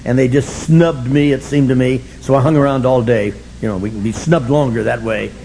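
An older man sharing his story at a recovery meeting, sardonic and humorous, breaking into shouts. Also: mid-range voice, brisk, slight background noise, poor audio. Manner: animated, sardonic, bursts into shouting.

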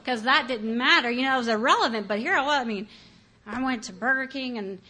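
A woman's voice: fairly high pitch, fast talker, bright, forceful tone. Candid woman telling her own story. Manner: candid, conversational, many fillers, acts out her past thoughts. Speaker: speaker sharing her recovery story. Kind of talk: personal testimony.

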